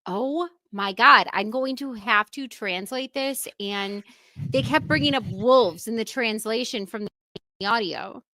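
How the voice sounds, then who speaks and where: A woman co-hosting a true-crime stream, talking excitedly in casual chat and swearing in quick bursts. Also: fairly high pitch, no echo. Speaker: stream co-host.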